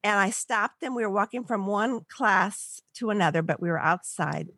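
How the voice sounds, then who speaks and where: An older woman from the Los Angeles area, a podcast guest, telling a personal story in an animated way and acting out the voices of people she quotes. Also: medium pitch, normal speed, no room sound. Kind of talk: storytelling in a conversational interview.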